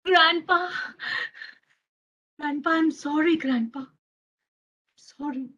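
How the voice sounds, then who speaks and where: A woman's voice: high voice, bright, forceful tone, lo-fi sound, full character voice. A woman playing a young girl in a storybook tale, speaking in a plaintive, childlike way. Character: young girl, sulky then sorry.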